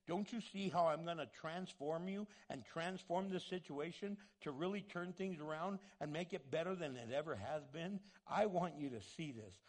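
A man's voice: on the high side, moderate pace, hardly any pauses. A man preaching a sermon, emphatic and full of repeated rhetorical questions.

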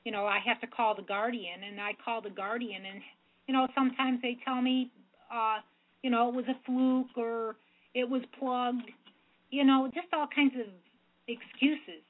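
A woman's voice: a little high, steady tone, normal speed. A woman calling in to a radio interview, speaking in an upset, plain-spoken way and often trailing off, heard over a phone line. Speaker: guest caller.

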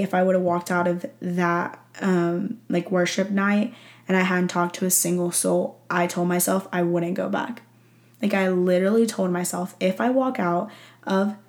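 A young woman podcast host telling a personal story in casual chat, talking warmly, laughing often and filling her talk with "like.". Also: lowish voice, creaky. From Texas. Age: young adult. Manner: chatty, emotional, laughs often, many "like" fillers. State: teary-eyed. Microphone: audio-only recording.

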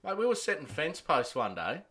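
A man's voice: a little high, wildly swooping pitch, moderate pace, pushed and bright, slightly rough. A young Australian man, a podcast co-host, telling crude work stories in a casual chat and acting out the people in them. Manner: swears a lot, acts out quotes.

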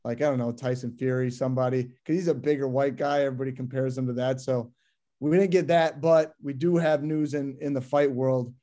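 A man's voice: medium pitch, brisk. A man co-hosting a sports podcast in a casual, joking chat, steering the segments. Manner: animated, joking, wraps up segments. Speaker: podcast co-host.

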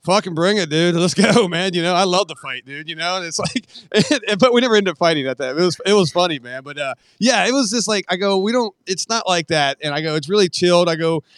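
A man's voice: sits high, animated, fast talker, hardly any pauses, fairly bright tone, no echo, studio quality. A middle-aged man telling stories in a casual podcast chat, swearing and laughing often as he rambles. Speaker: podcast guest.

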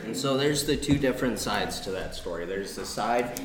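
A man's voice: medium pitch, animated, moderate pace, crowd noise. Earnest man teaching, echoey room. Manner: earnest, explanatory, repeats phrases. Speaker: guest teacher. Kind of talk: teaching a Bible study. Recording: echoey room with a small audience.

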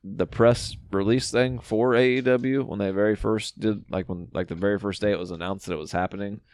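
Fast-talking low-voiced man, casual chat. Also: no echo, studio quality. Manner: fast, swearing, animated storytelling. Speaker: podcast co-host.

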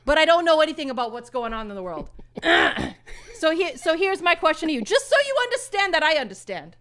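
A woman's voice: sits high, very animated, quick pace, a bit bright. A woman doing a rambling, bragging male show host. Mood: rambling bluster. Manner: rambling, repetitive, mock sponsor plugs. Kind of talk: comedic impression sketch.

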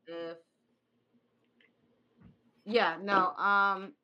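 A woman co-hosting a casual podcast chat, animated and playful, often laughing. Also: medium pitch, very slow, muffled recording, crowd noise. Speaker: podcast co-host.

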